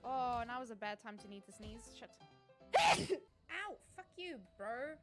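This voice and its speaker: A woman's voice: a little high, lively intonation, unhurried, a bit bright, faint music behind. A woman streaming a game live, chatting casually with her viewers, swearing freely and laughing often.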